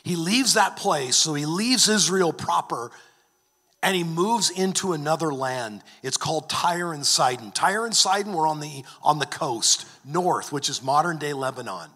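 Bright-voiced man preaching in a reverberant hall. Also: on the high side, expressive, unhurried. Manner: earnest preaching, restarts and repeats words. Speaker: pastor. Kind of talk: sermon.

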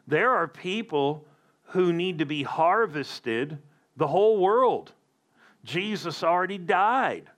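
A man's voice: on the high side, fairly bright tone. A man preaching a sermon as a pastor, emphatic with conversational asides.

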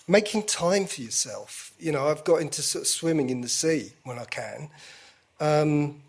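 A man speaking as a guest in a candid conversation, self-deprecating and jokey. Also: fairly high pitch.

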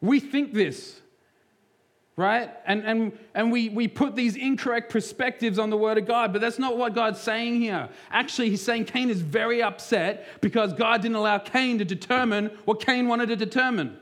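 A man's voice: very high voice, moderate pace, a bit bright. A man preaching a sermon as pastor, talking through scripture and acting out quoted voices, some of them dropped to near whispers.

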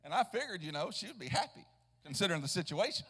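A man's voice: sits high, very animated, fast, a bit bright, breathy edge, in a large hall. A man, a traveling evangelist preaching a sermon in a church, telling a story with restarts and rising into a chanted preaching cadence. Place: church sanctuary.

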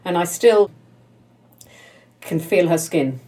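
Emphatic, low-voiced woman interviewer. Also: lively intonation, slow pace, mellow.

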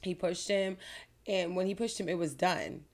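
A woman's voice: on the low side, moderate pace, a little mellow. A woman attorney from Florida giving earnest, detailed answers as an interview guest. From Pinellas County, Florida.

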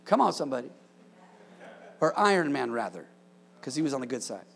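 A man preaching an energetic sermon to a congregation, joking with them and shouting out commands. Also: medium pitch, brisk, creaky.

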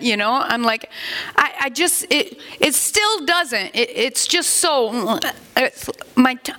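An older woman pastor preaching a sermon in a chatty, animated way, with asides to the congregation. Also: high-pitched.

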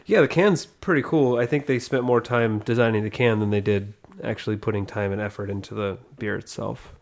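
A man co-hosting a casual podcast chat. His voice sits on the low side, and he talks with wry humor, grumbling good-naturedly. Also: brisk, vocal fry. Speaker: podcast co-host.

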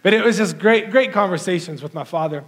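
High-pitched male pastor, earnest and conversational, preaching through a personal story. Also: fast talker, fairly bright tone.

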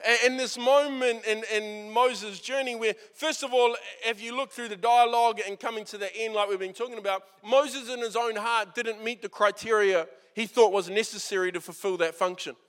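A New man preaches a sermon in a high, bright voice. His delivery is conversational and earnest, and he acts out quoted lines. A long hall reverb trails behind every phrase. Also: fairly even intonation, normal speed, hardly any pauses, clear, resonant tone. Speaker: pastor.

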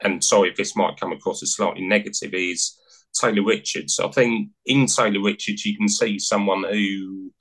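A man co-hosting a podcast, asking questions in a polite, careful way. His voice sits a little low. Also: fairly even intonation, moderate pace, a bit bright, poor audio. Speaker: podcast co-host.

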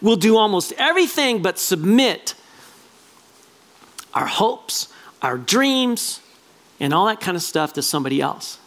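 High-pitched guy preaching a sermon, lively, does little voices for the people he quotes. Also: measured pace, long pauses. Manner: animated, acts out quoted voices. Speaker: pastor.

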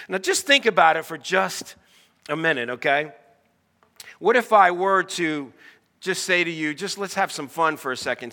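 A man's voice: fairly high pitch, sharp tone, in a large hall. A middle-aged American man preaching a sermon, in a conversational way and asking his congregation questions. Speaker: pastor.

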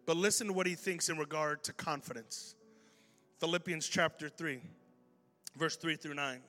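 A male pastor telling a story in a sermon, lively and animated, acting out the voices of the people in it. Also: a little high, moderate pace. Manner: animated, acts out dialogue in the story. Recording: long hall reverb with faint music.

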